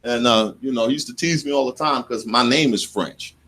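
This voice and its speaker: A radio host in his forties with a mid-range voice, chatting casually in the studio. He is American and tells stories in an animated, joking way. He often laughs at himself. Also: medium pitch, brisk. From United States.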